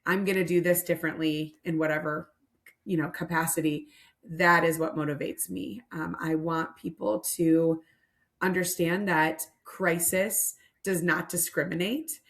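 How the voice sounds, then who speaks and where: A woman's voice: fairly low pitch, steady tone, a little slow. A middle-aged woman leading a nonprofit mission, telling stories earnestly and reflectively in a podcast interview.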